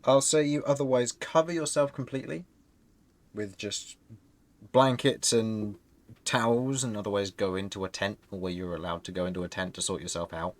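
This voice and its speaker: A man's voice: fairly low pitch, moderate pace. A man narrating as game master of a tabletop game, describing scenes with frequent restarts.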